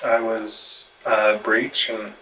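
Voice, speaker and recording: Bright-voiced man heard from afar. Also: fairly low pitch, little pitch movement, drawn-out words. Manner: hesitant, with restarts. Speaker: adult son. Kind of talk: casual family storytelling. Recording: faint noise, voice from far off the mic.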